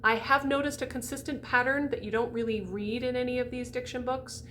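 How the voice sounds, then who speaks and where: A woman's voice: fairly high pitch, fairly even intonation, fairly quick, pushed and bright, a little hiss or hum. A woman voice coach giving a diction lesson, demonstrating sounds and speaking directly to the viewer.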